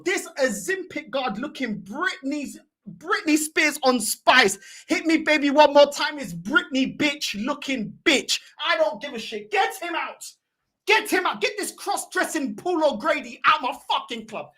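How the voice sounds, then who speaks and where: A woman's voice: high-pitched, fairly bright tone. A woman with a London accent hosting a football fan channel, ranting furiously with constant swearing and mocking insults, slipping into European Portuguese. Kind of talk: angry fan reaction rant.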